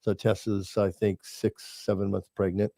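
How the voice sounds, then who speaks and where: Low, mellow-voiced older man storyteller. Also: flat delivery, moderate pace, no echo, clean studio sound. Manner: storytelling, folksy, repeats words. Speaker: podcast co-host. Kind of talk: casual chat.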